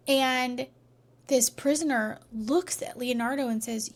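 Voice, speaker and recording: A woman's voice: high-pitched, lively intonation, a little slow. A woman coach telling a faith-based story in casual talk, often checking in with "right?" and dropping to near-whispers at emotional points. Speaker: relationship coach.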